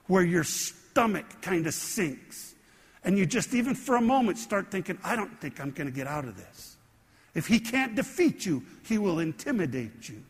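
A male pastor with a high, husky voice delivers a sermon to his congregation. He preaches conversationally and keeps asking the room questions. His voice rings with the long reverb of a church hall. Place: church sanctuary.

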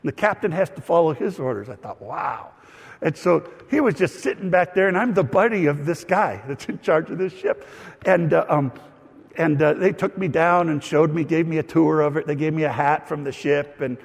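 A man pastor preaching a sermon, slightly higher-pitched, spinning a personal story with casual asides and self-deprecating humor. His voice rings out with a long church-hall reverb. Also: fairly quick, creaky, breathy edge.

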